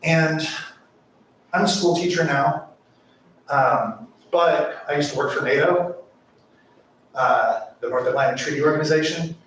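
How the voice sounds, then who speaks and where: A man's voice: fairly high pitch, a little slow, pauses often, fairly bright tone, slight background noise. A man giving an impassioned public comment at a city council meeting, asking rhetorical questions. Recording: echoey council chamber mic from far off.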